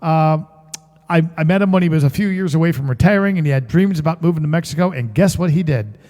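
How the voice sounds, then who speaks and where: High-voiced joking man hosting a music stream. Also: fast, a little mellow, long reverb tail. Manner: chatty, joking, greets viewers by name. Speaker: musician and livestream show host. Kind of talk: casual chat with viewers.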